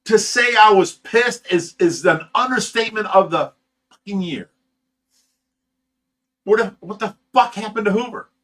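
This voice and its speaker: A man's voice: high voice, measured pace, pauses often, fairly bright tone. A man who runs a fish rescue, telling a story on a livestream in a heated, profane way and stammering over repeated words. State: sleep-deprived.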